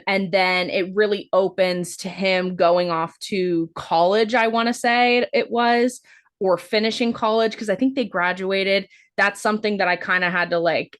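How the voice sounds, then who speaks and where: A woman's voice: on the low side, fairly bright tone. A woman co-hosting a podcast, recapping a film in a casual, rambling way, full of "like" fillers and the odd swear word. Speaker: podcast co-host. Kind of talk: casual movie-review chat.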